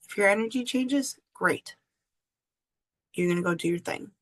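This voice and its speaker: A woman podcast host telling a personal story in an earnest, confessional way with drawn-out pauses. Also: medium pitch, a bit bright.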